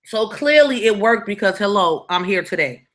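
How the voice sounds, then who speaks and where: A woman's voice: medium pitch, animated, normal speed. A young woman casually telling a personal story to her viewers, slangy and conversational, often checking that listeners follow.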